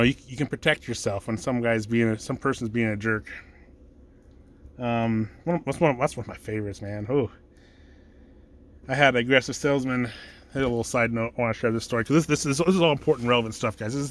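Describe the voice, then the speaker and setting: A man's voice: mid-range voice, brisk. A man giving casual job-hunting advice, acting out short exchanges in different voices and laughing often. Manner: animated, acts out dialogue, laughs often. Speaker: career coach.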